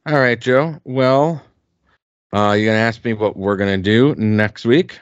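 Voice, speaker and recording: A man's voice: medium pitch, a little slow, no echo, lo-fi sound. A man co-hosting a music podcast, chatting casually and rambling with lots of fillers and restarts. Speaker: podcast co-host. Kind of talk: casual chat.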